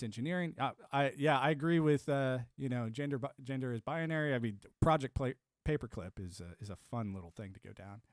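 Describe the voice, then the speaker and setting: A man's voice: medium pitch, no room sound. Rambling man streamer, dry close mic. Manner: rambling, restarts, laughs to himself. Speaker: livestream host. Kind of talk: casual chat reading and answering live chat.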